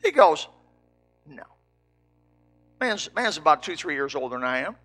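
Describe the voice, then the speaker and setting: An older man, a preacher from Indiana, telling a folksy story with lively quoted dialogue. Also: a little high, unhurried. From Indiana, United States. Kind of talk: storytelling sermon.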